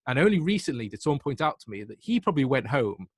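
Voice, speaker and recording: A man in his twenties with a Mancunian accent, a podcast guest telling stories in a lively, self-deprecating way. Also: medium pitch, quick pace, few pauses, slightly rough, no echo, clean studio sound. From Manchester, England. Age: 20s. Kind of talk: casual anecdotal storytelling.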